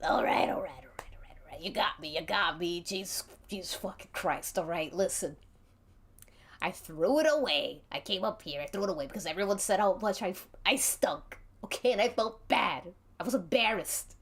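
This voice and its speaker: A woman's voice: lowish voice, expressive, moderate pace, husky. A woman doing a flustered, stammering man caught lying. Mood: sheepish.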